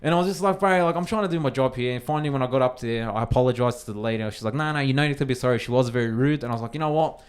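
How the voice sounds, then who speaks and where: A man's voice: mid-range voice, very fast, hardly any pauses, clear, resonant tone. A young Australian man on a casual podcast, telling a story with lots of swearing and acted-out quotes. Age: young adult. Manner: animated, swears freely, acts out quotes. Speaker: podcast co-host.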